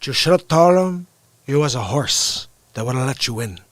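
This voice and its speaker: A man's voice: mid-range voice, animated, normal speed, no echo, lightly acted. A man doing a put-on Cuban accent as a tough, swaggering gangster who keeps saying "okay?". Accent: Cuban Spanish, put on. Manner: tough, punctuates lines with "okay?". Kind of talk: comedic movie-character impression.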